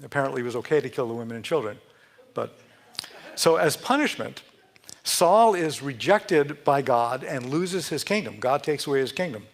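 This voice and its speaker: A man's voice: medium pitch, lively intonation, moderate pace. Man giving a chatty, joking sermon. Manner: chatty, self-interrupting, laughs at own jokes. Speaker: speaker giving a Sunday talk. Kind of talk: conversational sermon with jokes. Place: church sanctuary.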